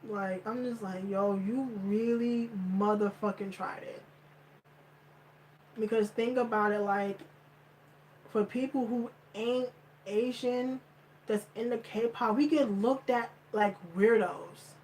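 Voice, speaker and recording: A woman's voice: on the high side, takes it slowly, darkish tone, slight background noise, rough recording. A woman vlogger ranting in blunt, profane commentary, repeating her points for emphasis. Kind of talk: heated commentary rant.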